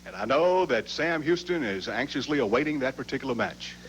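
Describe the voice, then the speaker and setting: Smooth promo announcer with faint hum. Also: male voice, medium pitch, expressive, brisk, rough recording. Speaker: show announcer.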